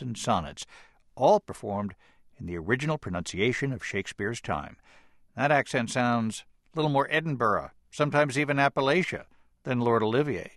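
A man hosting a radio interview in an even, mid-pitched voice. He introduces and questions at a measured pace with wry asides, and the studio sound is close and dry. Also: no echo. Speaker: radio host. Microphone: studio microphone.

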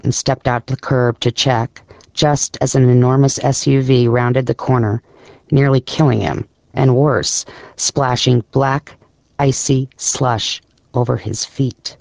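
A man narrating an audiobook story in a measured, descriptive storytelling manner. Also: mid-range voice, darkish tone, no echo. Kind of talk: scripted narration.

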